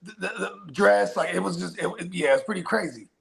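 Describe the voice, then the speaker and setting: A man's voice: high voice, fairly quick, gravelly, a loud crowd. A man co-hosting a podcast, chatting casually in a loose, slangy way. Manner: loose, slangy, laughs a lot. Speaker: podcast co-host. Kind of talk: casual chat.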